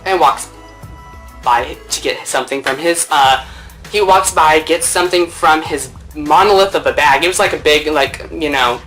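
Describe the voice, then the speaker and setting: A young woman telling a casual story to camera at home, chatty and playful, acting out what people said with big jumps in her voice. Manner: animated, playful, acts out quotes with big pitch jumps; chatty with lots of fillers and swearing. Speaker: storytime vlogger. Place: at home, indoors.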